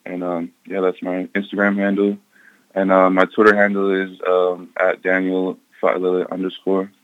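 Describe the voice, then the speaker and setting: A young man in his twenties being interviewed as a football player, giving brief, low-key answers with plenty of fillers. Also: completely flat delivery, normal speed, no room sound, phone-quality sound.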